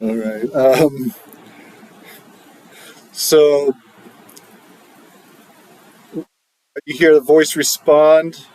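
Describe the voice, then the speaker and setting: A man narrating as dungeon master for a tabletop game, in relaxed, halting speech with fillers. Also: a little high.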